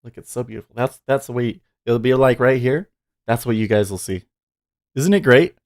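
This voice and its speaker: A man's voice: medium pitch, moderate pace, darkish tone. A man hosting a day trading livestream, talking casually and exasperatedly, swearing as he rants at the charts. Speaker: day trader streamer.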